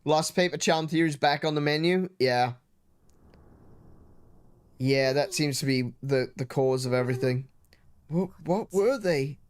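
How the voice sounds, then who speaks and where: A woman's voice: sits low, a little slow, pauses often, a little hiss or hum. A woman streaming a game and reacting in a chatty, emotionally invested way. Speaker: let's play streamer. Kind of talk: game commentary.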